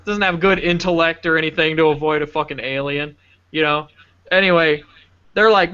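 A man on a casual podcast, retelling a movie in a profane, animated way. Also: a little high, moderate pace, smooth, highs cut off. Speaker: podcast co-host.

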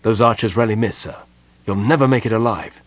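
A man's voice: fairly low pitch, fast, no room sound, lightly acted. A man voicing a dutiful young male knight who is firm and protective. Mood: urgent. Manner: earnest, respectful, urgent.

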